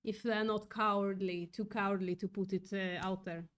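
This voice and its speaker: A woman's voice: medium pitch, fairly even intonation, moderate pace. A woman hosting a casual livestream, upset and thinking aloud, swearing often as she reads chat. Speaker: livestream host reading chat.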